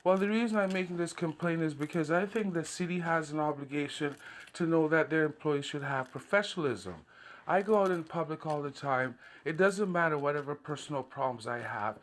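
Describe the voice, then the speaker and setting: Man, fairly high voice, personal complaint monologue, aggrieved, long-winded recounting. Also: a little fast, slight background noise. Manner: aggrieved, recounting events at length; dismissive filler repeats. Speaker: citizen filing a complaint.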